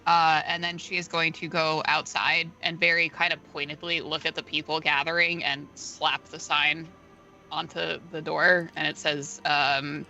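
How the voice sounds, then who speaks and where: A man playing a tabletop game, describing his character's actions in a dry, deadpan way. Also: on the high side, unhurried, soft background music, low-quality recording. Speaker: player.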